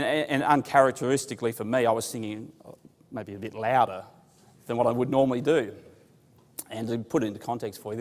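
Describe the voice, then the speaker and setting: A man's voice: fairly low pitch, a little mellow. A man giving a bible class, telling stories with humor and asking the audience questions. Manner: conversational storytelling with humor. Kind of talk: informal bible class talk. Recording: long hall reverb.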